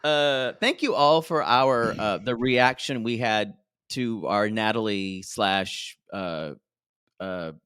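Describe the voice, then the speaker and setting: A man's voice: lowish voice, takes it slowly, a bit bright, clean tone. A man co-hosting a podcast, recapping reality TV in casual, gossipy chat and laughing often. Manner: gossipy, laughs often, mimics cast members in quotes. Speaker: podcast co-host.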